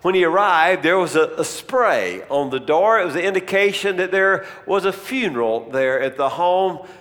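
A man's voice: fairly high pitch, expressive, moderate pace, fairly bright tone. A man preaching a sermon as a dramatic story, narrating with a storyteller's pacing. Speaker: pastor. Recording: long reverb in a large hall.

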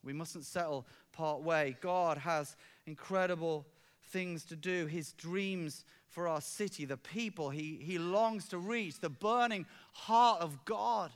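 A middle-aged man preaching a sermon as pastor, telling stories fervently and swinging from hushed, quiet moments to exclamations. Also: sits high, normal speed.

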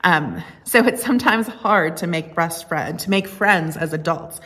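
A woman's voice: fairly low pitch, measured pace, bright, forceful tone. A woman pastor giving a conversational sermon, earnest and reflective, telling stories with a touch of humor.

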